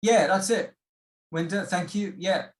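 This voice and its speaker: A man with a somewhat high voice teaches an online exam-prep class. He explains patiently, with plenty of fillers and restarts, and keeps asking the class questions. His voice sounds echoey, as if from a bare room over a video call. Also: unhurried. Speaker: IELTS workshop instructor. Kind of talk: online lesson.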